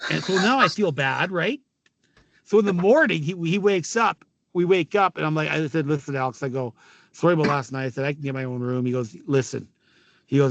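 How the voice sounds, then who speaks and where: A middle-aged man, a former hockey player, telling animated, laughing stories as a podcast guest. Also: on the high side, a little fast, no echo. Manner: animated, laughing, swearing storyteller. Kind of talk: casual storytelling.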